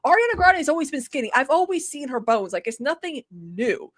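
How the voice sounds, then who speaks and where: A woman's voice: high-pitched, sing-song, fairly quick, no echo, studio quality. A woman in her thirties co-hosting a podcast, chatting casually and rambling with lots of restarts. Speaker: podcast co-host. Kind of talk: casual chat.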